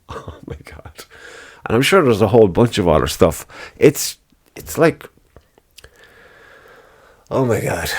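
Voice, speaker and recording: Male podcast host, very low voice, loose rambling chat, swears freely and laughs at his own jokes. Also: a little mellow. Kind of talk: casual solo chat.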